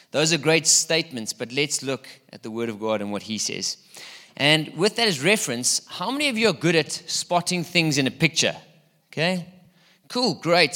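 Middle-aged guy preaching, bright kinda high voice, playful and chatty, long hall echo. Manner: playful, chatty, quizzes the congregation. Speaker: pastor. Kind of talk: sermon.

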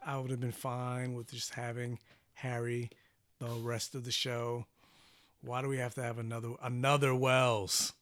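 A man's voice: medium pitch, little pitch movement, measured pace, a bit bright. A young man co-hosting a casual chat, sarcastic and mocking, often trailing off mid-thought. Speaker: podcast co-host.

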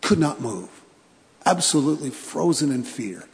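A man pastor delivering a sermon in a church, telling stories with pauses for emphasis and repeated phrases. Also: medium pitch, big pitch swings. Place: church sanctuary. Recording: long church reverb.

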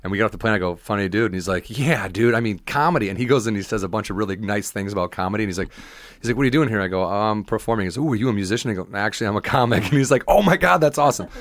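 A man's voice: fairly low pitch, dry recording. A man, a stand-up comedian, telling stories on a podcast in a casual, profane way, often acting out the people in them. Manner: fast, profane, acts out voices in his stories. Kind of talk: casual storytelling chat.

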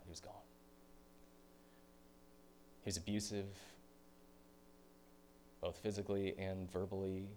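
Animated, low-voiced male pastor preaching. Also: slight background noise. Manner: storytelling, swings from hushed to loud animated bursts. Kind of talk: sermon.

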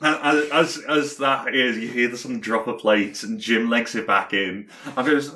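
A man's voice: mid-range voice, normal speed, few pauses, bright, forceful tone. Hesitant man narrating a game. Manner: hesitant, many fillers and restarts. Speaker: game master.

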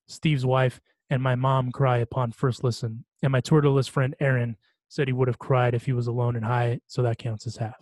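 A man's voice: mid-range voice, a little mellow, no room sound. Rambling chatty man, dry close sound. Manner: rambling, laughing often, many restarts and fillers. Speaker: podcast host. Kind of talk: casual chat.

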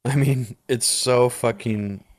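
Man, mid pitch, casual political talk, swears, rambling restarts. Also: fairly even intonation, slow pace. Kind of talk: political commentary chat.

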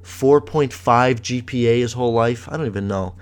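A young man hosting a podcast, telling stories in a sarcastic, profane and animated way. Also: medium pitch, moderate pace, smooth. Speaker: podcast host. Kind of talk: casual storytelling podcast.

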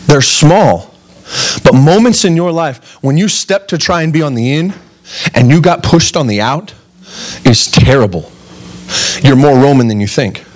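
A man's voice: fairly high pitch, animated, measured pace, pauses often. A man in his thirties preaching a sermon in an earnest, conversational way, putting direct questions to his listeners. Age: 30s. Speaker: pastor.

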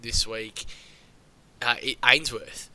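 A man's voice: medium pitch, steady tone, slow, sharp tone, clean tone. A man co-hosting a podcast in casual chat, upbeat and asking his partner questions. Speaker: podcast co-host. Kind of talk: casual fantasy sports chat.

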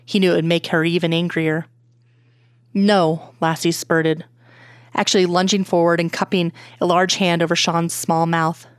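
A woman with a lowish voice reads a story aloud in an even, clear manner. She is close to the microphone, and the sound is dry with no room echo. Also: moderate pace. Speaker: audiobook reader. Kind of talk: reading fan fiction aloud.

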